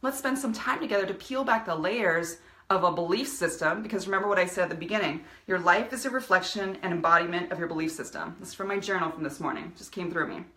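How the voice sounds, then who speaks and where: A woman's voice: fairly low pitch, quick pace, bright, forceful tone, roomy sound. A woman giving a passionate motivational talk on a live video stream, speaking as a coach to her viewers. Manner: passionate, fired-up motivational delivery. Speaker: business coach.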